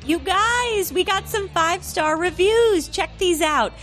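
A woman's voice: very high-pitched, expressive, a little slow, few pauses, a bit bright, soft background music. A woman co-hosting a podcast in casual chat, upbeat and chatty with frequent laughs, recorded at a drive-thru and on an outdoor restaurant patio. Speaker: podcast co-host.

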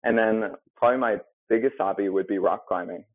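A man's voice: fairly low pitch, fairly even intonation, brisk, dry recording. A young man, a restaurant manager, answering interview questions hesitantly with many fillers. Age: young adult. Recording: phone-like, dry line.

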